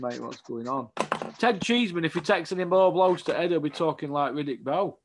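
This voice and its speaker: Blunt man, higher voice. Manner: blunt and outspoken, full of tag questions. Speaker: boxing pundit. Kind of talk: casual opinionated interview.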